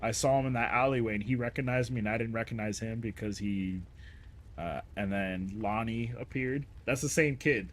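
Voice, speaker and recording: A man streaming live, telling funny childhood stories in a casual, animated way, laughing often and acting out the people he quotes. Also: medium pitch, moderate pace, slight background noise. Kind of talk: casual storytelling to a live chat.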